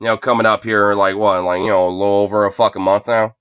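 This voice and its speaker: This late-twenties man's voice is low-ish, smooth, a bit bright, and fairly flat in pitch as he rants fast and angrily on a phone livestream. He swears and packs in fillers like "you know" and "dude," with no room sound.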